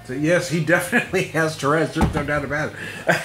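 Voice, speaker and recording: A man's voice: on the high side, fairly even intonation, a little fast. A middle-aged man rambling through a casual monologue, laughing often and swearing freely. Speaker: podcast host. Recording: echoey room with faint music.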